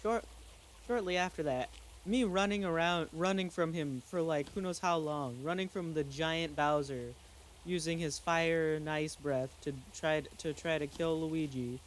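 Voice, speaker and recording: A man casually telling a spooky story in an excitable, halting way, full of restarts and exclamations. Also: a little high, slight background noise. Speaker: channel host.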